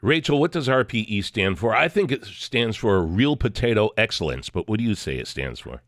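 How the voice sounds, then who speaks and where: A man's voice: lowish voice, expressive, normal speed, dry recording, clean studio sound. A man hosting a produce podcast, upbeat and folksy in casual interview chat. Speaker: podcast host.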